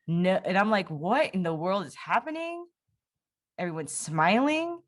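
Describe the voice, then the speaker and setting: Her voice sits at a medium pitch, expressive and measured in pace. A young woman being interviewed, she recounts a personal testimony in a relaxed, candid way that rambles and keeps restarting amid many fillers.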